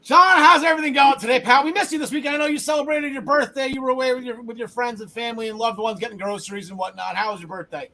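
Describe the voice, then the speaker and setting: Male podcast host, high-pitched, rambling, quick to joke and self-correct. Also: sharp tone, slight background noise, poor audio. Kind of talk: casual wrestling podcast chat.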